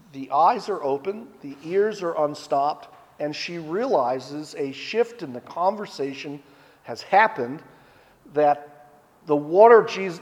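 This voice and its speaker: Guy preaching, kinda high voice, chatty storytelling, long echo like a big hall. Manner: conversational storytelling, paraphrasing scripture. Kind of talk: sermon.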